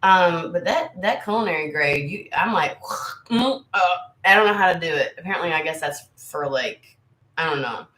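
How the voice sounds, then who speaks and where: A woman's voice: on the low side, normal speed, a bit bright, reverberant. An American woman hosting a tarot channel, chatting casually with viewers in a rambling, candid way and swearing freely. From United States. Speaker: tarot reader and channel host. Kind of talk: casual livestream chat with viewers.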